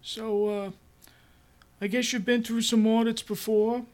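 A man's voice: sits high, flat delivery, a little slow, darkish tone, pitched above the performer's own voice. A man voicing an awkward new male boss who hesitates and fills his talk with "uh" and "um". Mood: hesitant. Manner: hesitant, full of "uh" and "um".

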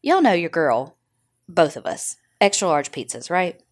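A woman's voice: fairly low pitch, very animated, unhurried. A woman, chatting on a podcast in a blunt, joking way with frequent swearing. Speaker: podcast co-host. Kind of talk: casual chat.

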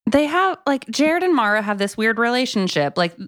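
A woman's voice: fairly high pitch, very animated, normal speed, fairly bright tone. A woman co-hosting a podcast, chatting casually and sarcastically about a book, her voice swooping up for emphasis. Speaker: podcast co-host. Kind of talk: casual book-review chat.

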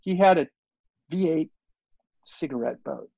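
Gravelly older man rambling through a story. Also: fairly high pitch, unhurried, dark tone, dry recording. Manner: rambling, full of fillers and restarts. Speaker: interview guest, surf TV producer. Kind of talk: casual storytelling interview. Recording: dull lo-fi dry recording.

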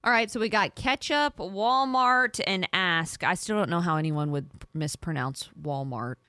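A woman's voice: on the low side, unhurried, clean tone. Chatty woman radio host. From Texas. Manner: chatty, animated, laughs often. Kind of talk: morning radio banter. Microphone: studio mic.

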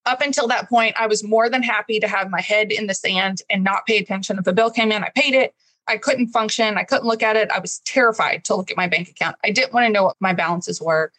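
A woman's voice: mid-range voice, fast talker, hardly any pauses, a bit bright, no echo, low-quality recording. A woman in her thirties from Texas, a guest telling an emotional, earnest personal story in an interview.

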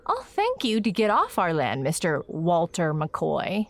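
A woman's voice: on the low side, huge pitch swings, a little slow, full character voice. An actress playing a proud, spirited young woman of the 1890s who speaks with formal, old-fashioned prim diction, in old-time radio drama style. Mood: prim, indignant. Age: young adult. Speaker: heroine.

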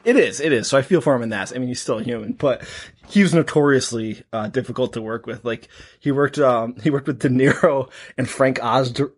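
A man's voice: mid-range voice, fairly quick, slightly rough. A man co-hosting a podcast in casual chat, telling stories in a rambling way and laughing often. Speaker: podcast co-host.

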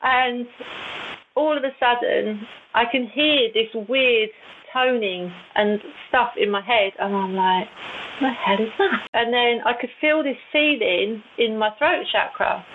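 A woman's voice: fairly high pitch, unhurried. Chatty woman over a tinny line. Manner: chatty, animated, laughs often. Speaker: guest, intuitive and channeler. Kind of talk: casual storytelling in an interview. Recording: tinny phone-like line with faint hiss.

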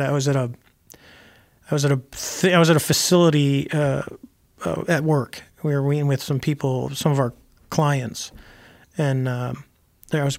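Gravelly older man telling stories. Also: on the high side. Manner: rambling, many restarts, chuckling asides. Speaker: guest, retired Navy pilot. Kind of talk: casual interview chat.

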